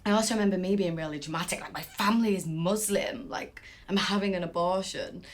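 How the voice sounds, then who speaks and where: An actress playing a candid young British woman who was raised in a strict family, speaking haltingly with many fillers in a verbatim theatre monologue. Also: fairly low pitch, natural voice. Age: young adult. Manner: candid, hesitant, full of fillers. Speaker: interviewee recalling her past.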